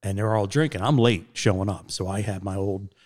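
A middle-aged man, hosting a casual podcast chat and telling stories with lively quoted voices and frequent laughs. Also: brisk. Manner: animated storyteller, jumps into high put-on quotes, laughs often. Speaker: podcast host.

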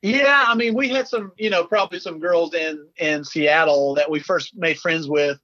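Southern guy from south carolina, bright voice, lots of ums and restarts, dull lo-fi sound. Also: a little high, normal speed, no room sound. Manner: relaxed, rambling, many fillers and restarts. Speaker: podcast guest, musician. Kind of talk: casual chat.

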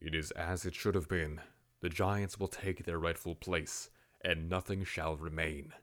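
A man's voice: low voice, fairly even intonation, a little slow, fairly bright tone. A man voicing a cold, commanding warrior captain who speaks with mocking menace.

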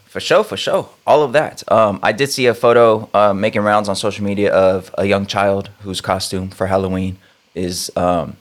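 A man co-hosts a casual podcast in a voice pitched a little on the low side. He keeps things loose and easygoing, tossing in jokes and friendly agreement. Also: fairly even intonation, normal speed. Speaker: podcast co-host.

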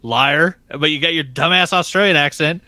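Teasing potty-mouthed podcast dude, bright sharp voice, dry mic. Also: male voice, fairly high pitch, moderate pace, dry recording. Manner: teasing and profane. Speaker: podcast co-host. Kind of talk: casual chat.

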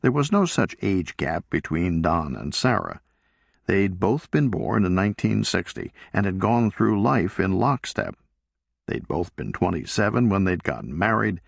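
A man reading a novel aloud as an audiobook narrator, in a measured, deliberate way. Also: lowish voice, vocal fry, no echo, clean studio sound. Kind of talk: scripted narration.

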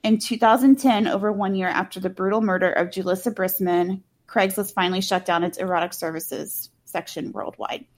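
A woman's voice: mid-range voice, fairly even intonation, a little fast, few pauses. A woman co-hosting a casual true-crime podcast, talking bluntly with swearing and lots of filler words. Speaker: podcast co-host.

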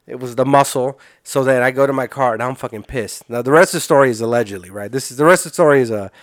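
Guy from illinois rattling off wild stories real fast, dry close sound. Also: mid-range voice, no echo. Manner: fast, crude, animated storytelling. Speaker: podcast guest storyteller. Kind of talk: casual chat.

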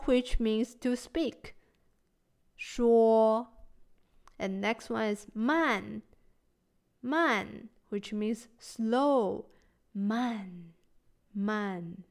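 A woman teaching a language lesson, patient and encouraging, who says each word slowly and repeats it for learners. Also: on the high side, clear, resonant tone. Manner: gentle, encouraging.

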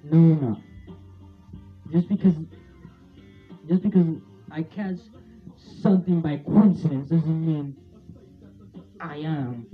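A young man in a casual rant, rambling and repeating himself, often laughing and swearing as he talks. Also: fairly high pitch. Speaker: vlogger. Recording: tinny phone-like sound with faint music.

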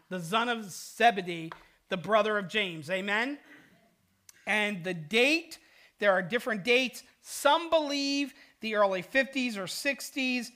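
Older guy pastor preaching, tells stories, gets loud then real quiet, highish voice. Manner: storytelling, animated swings from loud to hushed. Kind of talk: sermon.

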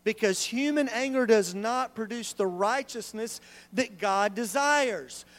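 A male pastor, preaching a sermon in a church in an animated, conversational way full of rhetorical questions. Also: high voice, a little slow.

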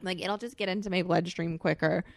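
A young woman co-hosting a podcast, telling wild stories in a profane, animated way and laughing often. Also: fairly low pitch, a little fast, creaky, dry recording, studio quality. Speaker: podcast co-host. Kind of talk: casual chat, storytelling.

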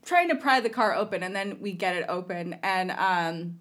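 A woman's voice: on the low side, animated, moderate pace, fairly bright tone. A woman on a podcast telling a long, casual story, acting out what people said in changing voices and laughing often. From Los Angeles area. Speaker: podcast guest.

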